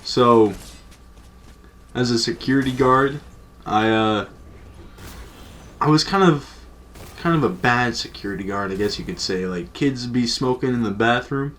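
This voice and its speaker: A man's voice: medium pitch, measured pace, pauses often, a bit bright, a little hiss or hum. Young guy telling a storytime, super casual and slangy, lots of "like" and cussing, normal mid voice. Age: young adult. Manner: slangy, loose, peppered with "like" and swearing. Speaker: storytime vlogger.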